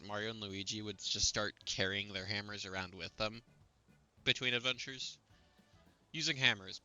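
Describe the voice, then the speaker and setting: A man with a very bright, sharp voice riffs through a let's play, reading lines and cracking dry jokes. He hiccups now and then, and soft game music plays underneath. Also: on the low side, clean tone. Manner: wry, joking running commentary. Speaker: gaming video creator. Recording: faint background game music.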